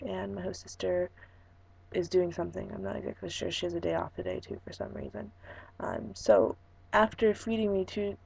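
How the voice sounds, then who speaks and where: A young woman from California, hoarse from losing her voice, rambling through a casual vlog with lots of ums and restarts. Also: medium pitch, warm tone, rough recording. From Fresno, California. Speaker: vlogger.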